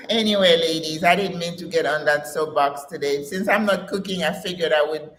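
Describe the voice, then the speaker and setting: A woman's voice: on the low side, very animated, moderate pace, fairly bright tone. Woman in her sixties, preaching in echo. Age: 60s. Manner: preachy, emphatic, calls listeners sis. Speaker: channel host. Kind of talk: casual motivational talk to camera.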